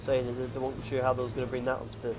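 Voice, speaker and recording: A man's voice: medium pitch, completely flat delivery, very fast, music in the background. A young man co-hosting a casual gaming chat, rambling through stories with lots of restarts and "like". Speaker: co-host.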